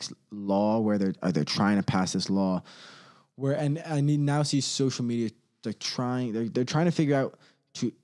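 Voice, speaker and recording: A man ranting casually on his own, rambling and profane, laughing often and quickly mimicking others. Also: medium pitch, mellow. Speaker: solo commentator.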